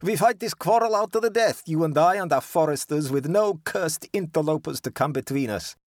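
A man's voice: mid-range voice, animated, normal speed, dry recording, studio quality, voice pushed up, close to an everyday voice. A man voicing a trapped nobleman who snarls and mocks his enemy, harsh and savage in tone. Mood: snarling, mocking. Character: snarling mocking nobleman trapped under a tree.

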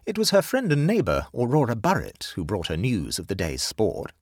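A man narrating a classic short story aloud in an expressive, measured way. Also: on the low side, breathy edge, dry recording, clean studio sound.

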